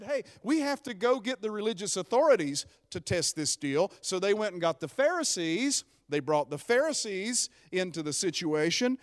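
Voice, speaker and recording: Animated high-voiced preacher in a hall. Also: male voice. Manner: animated storytelling, voicing the characters' lines. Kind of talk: sermon retelling a Bible story.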